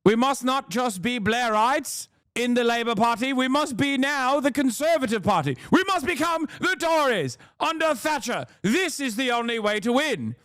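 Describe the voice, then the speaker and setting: A man's voice: very high-pitched, lively intonation, normal speed, fairly bright tone, no echo, studio quality, pitched above the performer's own voice. A man voicing a haughty, pompous posh British male politician with a plummy drawl, in a mocking comedic bit on a stream. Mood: condescending.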